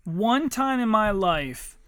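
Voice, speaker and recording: Brief: man, high voice, rambling chat, dry close mic. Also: very animated, takes it slowly, a bit bright, no room sound. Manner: rambling, many "you know" and "like" fillers. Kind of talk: casual chat.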